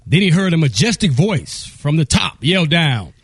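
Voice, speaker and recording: Comic, man, high and husky, unhurried joke delivery, dry close sound. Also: big pitch swings, fairly bright tone, no room sound. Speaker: radio comedian telling the joke of the day. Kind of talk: slow joke storytelling.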